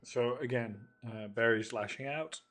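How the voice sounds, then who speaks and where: A man co-hosting a casual writing chat, thinking aloud in a halting way and poking fun at his own accent attempts. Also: mid-range voice, a bit bright, faint music behind. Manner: self-mocking about his own accents. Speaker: podcast co-host.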